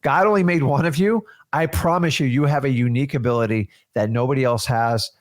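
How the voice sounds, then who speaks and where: Brief: mid-pitched man, motivational co-host, direct and emphatic. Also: fairly quick. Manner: emphatic, coach-like, addresses viewers directly. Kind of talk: motivational casual chat.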